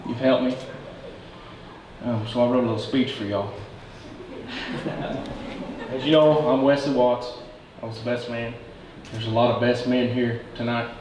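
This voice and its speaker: A man making a best man's toast, cracking jokes and stumbling through "ums" as he tries not to cry. He sounds far from the mic in a strongly echoing room, with clear noise behind him. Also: mid-range voice, fairly even intonation. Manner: joking, halting, fighting back tears. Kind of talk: emotional wedding speech. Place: wedding reception room. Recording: very echoey room, distant mic, noisy.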